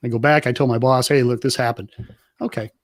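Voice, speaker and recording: Animated storytelling man, dry sound. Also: medium pitch, fairly quick, dry recording. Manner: lively anecdote teller, acts out quotes. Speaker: guest, military veteran. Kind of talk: animated storytelling in casual chat.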